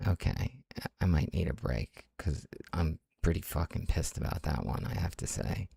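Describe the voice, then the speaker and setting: A man's voice: deep voice, lively intonation, normal speed, gravelly, mellow, husky, no echo. A man streaming his day trading live, talking to himself, muttering and swearing under his breath in frustration.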